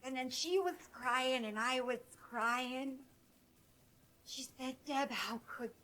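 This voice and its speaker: A woman's voice: sits high, takes it slowly, sharp tone, heavily acted, low-quality recording. A woman playing a chatty middle-aged woman who retells a friend's drama in a breathless, melodramatic way, as a comedy sketch monologue. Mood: dramatic.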